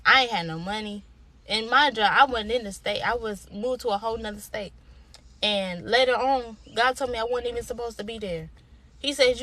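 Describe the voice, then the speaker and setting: Young woman, a bit high-pitched, with a colloquial, preacher-style motivational delivery and a lot of repetition. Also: moderate pace, sharp tone. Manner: emphatic, repetitive, preacher-like exhortation; informal, colloquial. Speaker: motivational speaker. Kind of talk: inspirational direct-to-camera talk.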